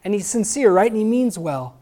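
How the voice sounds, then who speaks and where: A man's voice: sits high, expressive, fairly quick, dark tone. A male pastor giving an explanatory sermon who keeps asking his listeners rhetorical questions.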